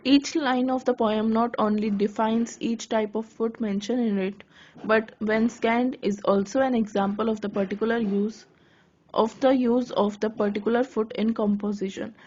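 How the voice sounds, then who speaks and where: A woman giving a lesson on writing poetry, reading her notes aloud haltingly and correcting herself as she goes. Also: fairly high pitch, fairly even intonation, darkish tone, slight background noise. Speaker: lecturer. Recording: dull lo-fi recording.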